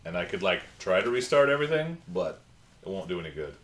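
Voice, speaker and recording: A man's voice: sits low, big pitch swings, fast talker, a bit bright, reverberant. A man hosting a casual livestream, chatting and answering viewer comments from his home computer. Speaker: livestream host.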